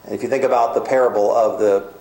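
A man delivering a sermon, earnest and emphatic, slowing down for key points and speeding up in others. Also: lowish voice, fairly even intonation, warm tone, reverberant, rough recording. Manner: earnest, emphatic preaching with varied pace. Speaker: preacher.

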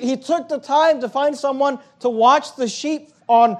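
A man with a high voice delivers a sermon. He reads scripture aloud and explains it with steady, earnest emphasis. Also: a little slow. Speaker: pastor.

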